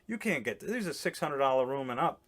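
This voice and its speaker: A man in casual chat on a podcast, telling a rambling comic story with restarts and quick laughs. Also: mid-range voice, big pitch swings, a bit bright. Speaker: comedian guest. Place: boat in a harbor.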